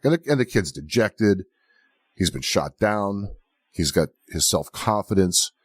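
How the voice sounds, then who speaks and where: A man's voice: low-pitched, normal speed, slightly rough, no room sound. A man hosting a podcast interview, telling stories and asking questions in a conversational way. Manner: storytelling, animated, questioning. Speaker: podcast host.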